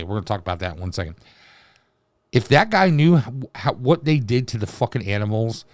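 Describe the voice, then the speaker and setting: A man's voice: fairly low pitch, dry recording. A man hosting a reaction video, ranting in a crude, mocking way with constant swearing. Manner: crude, mocking, rambling rants with heavy swearing. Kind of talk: profane reaction commentary.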